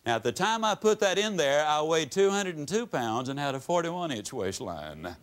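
An American motivational speaker gives a lecture to a live audience at normal speed. His delivery is folksy, dramatic and very animated, swinging widely in pitch and loudness.

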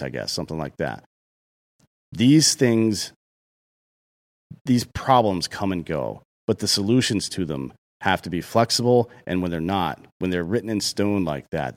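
A man co-hosting a podcast, talking bluntly and heatedly with plenty of swearing. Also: low voice. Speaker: podcast co-host. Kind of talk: casual profane opinion talk.

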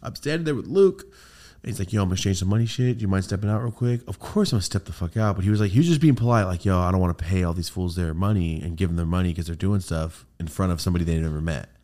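A low-voiced man hosting a casual podcast, rambling through a story with plenty of swearing. He gets animated as the tale builds and keeps it loose and conversational. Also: rapid-fire. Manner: rambling, profane, animated when telling a story. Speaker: podcast host.

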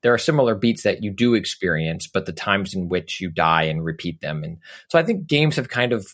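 A man's voice: deep voice, expressive, fairly quick, fairly bright tone. A man co-hosting a gaming podcast, chatting casually in a playful, joking way. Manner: playful, joking, frequent "um" fillers. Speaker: podcast co-host. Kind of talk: casual chat.

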